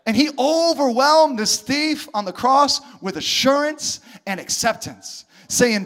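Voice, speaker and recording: A man preaches a sermon with a strikingly high-pitched voice. He is animated and acts out the voices of the people he quotes. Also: unhurried, few pauses. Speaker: pastor.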